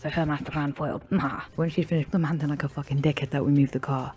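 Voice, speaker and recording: A woman's voice: low voice, fairly even intonation, fast talker, a little mellow. A woman telling a true story to viewers in a brash, sweary, mocking way. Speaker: story narrator.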